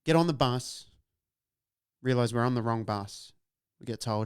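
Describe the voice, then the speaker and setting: Aussie guy spinning a yarn, swears a lot, smooth voice, dry sound. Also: medium pitch, a little slow, no room sound. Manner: animated, swears freely. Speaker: podcast host. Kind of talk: casual storytelling.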